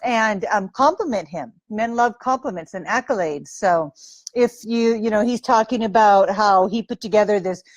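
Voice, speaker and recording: A woman's voice: medium pitch, normal speed, dry recording. A woman dating coach giving advice straight to camera in a breezy, playful way, acting out sample lines.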